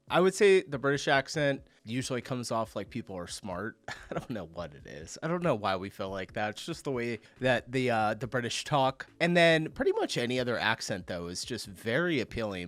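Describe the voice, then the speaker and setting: A man's voice: medium pitch, no room sound. American guy doing a reaction vid, bouncy voice all over the place, laughs a lot, keeps saying i dunno. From United States. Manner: animated, chatty, hedging, quick to laugh. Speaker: reaction video host. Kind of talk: casual reaction commentary.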